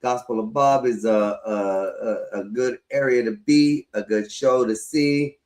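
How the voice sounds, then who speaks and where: A man's voice: medium pitch, measured pace, darkish tone. A man hosting a live call-in stream, talking loosely in casual slang. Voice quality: loose, laid-back talk with street slang. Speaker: stream host.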